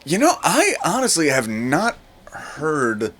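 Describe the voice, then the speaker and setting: A stand-up comedian man chatting as a podcast guest, his voice a touch high and swinging widely in pitch. He drops dark jokes in a deadpan way. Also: slow. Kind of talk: casual podcast chat.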